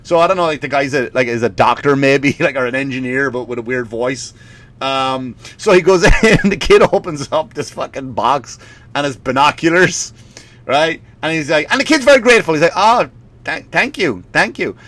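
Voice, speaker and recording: A man's voice: mid-range voice, lively intonation, moderate pace, fairly bright tone. An Irish man, a stand-up comedian, ranting in a rambling way, swearing often and laughing at his own stories. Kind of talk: comedic rant.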